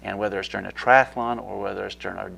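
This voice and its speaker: A man's voice: fairly low pitch, fairly even intonation, very fast, vocal fry, a bit bright. A man talking as a guest in a casual interview, eager and rambling with many fillers.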